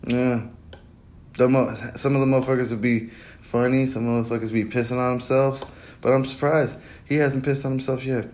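A man's voice: medium pitch, level tone, a little fast, a little mellow. A young man hosting a podcast alone, rambling in a casual monologue, swearing constantly and breaking into laughter. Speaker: podcast host.

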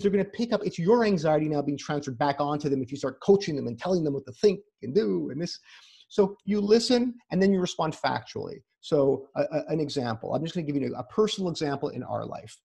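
A man with a somewhat high voice that is gravelly and husky, talking as a therapist guest on a video call. He gives advice in a casual, conversational way, often repeating words as he starts a sentence and setting his points out step by step. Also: expressive, fast, warm tone. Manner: explains in numbered practical steps.

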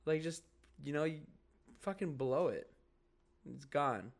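A man's voice: fairly high pitch, animated, measured pace. A young man co-hosting a podcast, telling rambling stories in casual chat, full of "like", "dude" and swearing. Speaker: podcast co-host.

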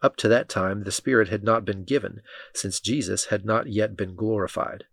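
A man reading Bible passages aloud in a steady, measured way. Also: on the low side, vocal fry, dry recording, studio quality. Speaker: scripture reader.

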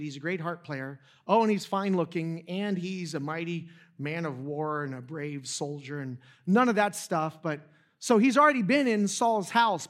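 A young adult man preaching a sermon, retelling a story casually with jokes and asides to the audience. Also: on the high side. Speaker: pastor.

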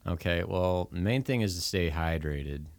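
A man's voice: low voice, normal speed, no room sound. A man who sings for a living, chatting casually and laughing often. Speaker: singer and musician. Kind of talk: casual chat.

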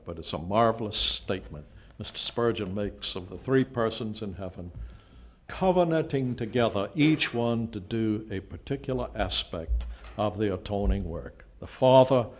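An older man preaching a sermon, emphatic, with his voice rising to loud peaks when he stresses a point. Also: lowish voice, moderate pace. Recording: dull lo-fi sound.

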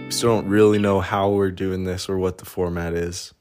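A man's voice: low voice, level tone, moderate pace, over loud music. A young man from Denver co-hosting a podcast, chatting in an upbeat, casual way and laughing often. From Denver, Colorado. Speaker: podcast co-host.

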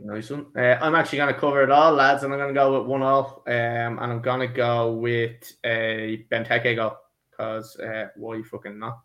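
A man's voice: medium pitch, little pitch movement, normal speed, hardly any pauses, muffled recording. A man hosting a casual football podcast, jokey and laddish, calling his co-hosts lads. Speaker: podcast host.

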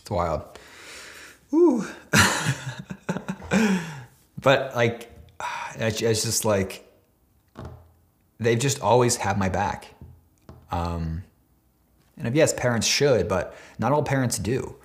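A man's voice: on the low side, lively intonation, slow, pauses often. A man of twenty-nine talking casually and emotionally to camera, rambling with many fillers and restarts, swearing now and then, choked up at times. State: near tears, choked up at times. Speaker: vlogger. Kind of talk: casual heartfelt talk to camera.

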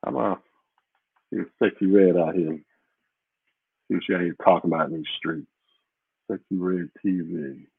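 A man's voice: low-pitched, normal speed, vocal fry, long pauses, breathy edge, no echo. A man hosting a podcast as a casual livestream, reading out viewer comments in a rambling, blunt and profane way. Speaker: podcast host. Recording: muffled phone-like audio.

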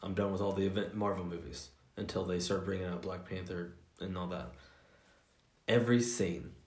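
A man's voice: low voice, steady tone, moderate pace, darkish tone, roomy sound. A man in casual podcast chat, joking and ranting with plenty of swearing. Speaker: podcast co-host.

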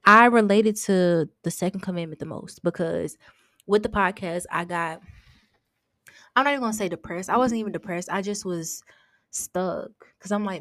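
On her casual faith podcast, a young female host talks at a moderate pace in a lowish, slightly bright voice, sincere and candid as she shares her thoughts. She tends to retrace her words, and the audio sounds close and dry.

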